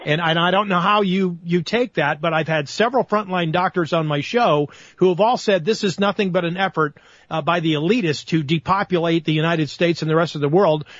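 A man hosts a talk radio show, posing a long, rambling question full of hedges. His voice sits a little high. The recording is dull and dry. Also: a little fast, fairly bright tone, no room sound.

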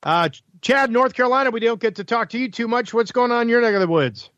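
High-voiced, chatty radio host. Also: male voice, lively intonation, quick pace, a bit bright, no echo, lo-fi sound. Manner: chatty, laughs easily. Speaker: radio talk show host. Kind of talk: casual call-in chat.

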